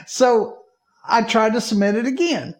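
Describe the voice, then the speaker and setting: A man from Alabama, co-hosting a podcast and telling a story in a lively way, acting out his own panicked reactions. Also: very high voice, a little slow. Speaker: podcast co-host. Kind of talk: casual chat.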